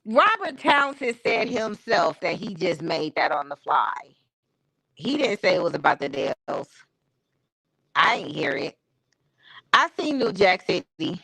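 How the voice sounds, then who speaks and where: A woman's voice: fairly low pitch, very animated, measured pace, gravelly, long pauses, sharp tone, dry recording, rough recording. A woman hosting a live stream, chatting casually in a candid, opinionated way with slangy everyday talk. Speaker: stream host. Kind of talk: casual chat. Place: home streaming setup.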